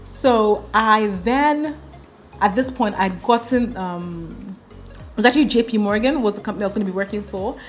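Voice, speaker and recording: A woman's voice: medium pitch, moderate pace, faint music behind. A young woman in her twenties from Nigeria, telling a personal story to the camera, earnest and full of "like", acting out the dialogue. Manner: earnest, heavy use of "like", retelling dialogue. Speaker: vlogger.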